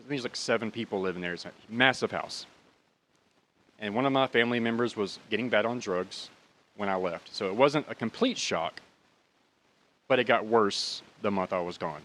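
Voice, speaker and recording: A man's voice: fairly low pitch, fairly bright tone. A man in his thirties hosting a podcast, telling a personal story in a rambling, profane, heated way. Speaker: podcast host. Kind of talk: casual storytelling.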